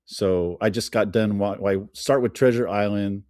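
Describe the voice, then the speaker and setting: A man's voice: on the low side, moderate pace, darkish tone, dry recording, studio quality. A man chatting as a podcast guest, telling film trivia with enthusiasm. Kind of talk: casual chat.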